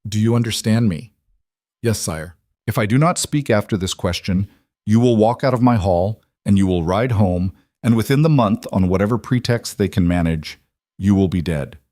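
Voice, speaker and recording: A stern king in an audiobook romance who never raises his voice and lays out hard terms bluntly, as a male narrator reads him. Quiet, deliberate and commanding. The voice is lowish and recorded close and dry. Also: no echo, close to an everyday voice.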